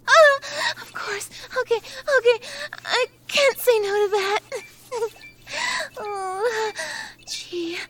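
A young woman acting a shy, nervous streamer in an adult audio role-play, stammering and hesitant, sometimes hushed. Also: very high voice, noisy background. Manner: hushed, half-whispered at times.

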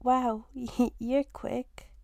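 A young woman talks to her partner in a casual romantic role-play, teasing and playful, swearing easily and laughing often. Her voice sits slightly high, with a gravelly fry and a warm, mellow tone, and she takes her time. The sound is dry and close, with no room around it. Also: level tone, drawn-out words, no room sound. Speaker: fiancée in a listener role-play.

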